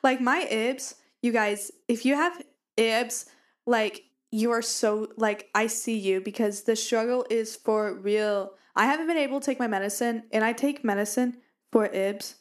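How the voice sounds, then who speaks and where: A woman's voice: on the high side, measured pace. A young woman co-hosting a podcast, chatting in a bubbly, rambling way and often calling out to listeners. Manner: bubbly, rambling, addresses listeners as "you guys". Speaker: podcast co-host. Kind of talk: casual chat. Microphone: studio mic with pop filter.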